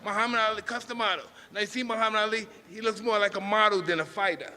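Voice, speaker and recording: Give me a fifties man telling a live story in a slightly high voice, with reverb from a large hall. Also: steady tone, fast, sharp tone. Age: 50s. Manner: rambling, emotional, self-interrupting.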